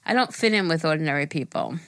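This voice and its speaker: A woman's voice: deep voice, animated, quick pace, a bit bright, no echo, studio quality. A woman co-hosting a podcast in casual chat, making short, wry, self-mocking remarks. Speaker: podcast co-host.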